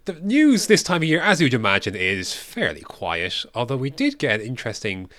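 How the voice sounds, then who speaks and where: A man's voice: medium pitch, wildly swooping pitch, normal speed, a bit bright. A man co-hosting a podcast in casual chat, rambling with many fillers and restarts. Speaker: podcast co-host.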